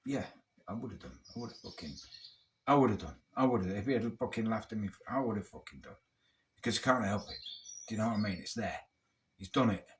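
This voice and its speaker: A man's voice: lowish voice, fast, slight background noise. Blunt, foul-mouthed British man rambling. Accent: British English. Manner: rambling, heavy swearing, blunt. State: drinking beer. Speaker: vlogger. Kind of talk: casual rambling monologue.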